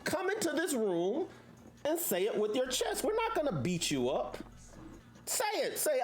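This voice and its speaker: A woman's voice: sits high, wildly swooping pitch, unhurried. A woman hosting a casual livestream, talking to viewers in a preachy way full of rhetorical questions. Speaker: livestream host.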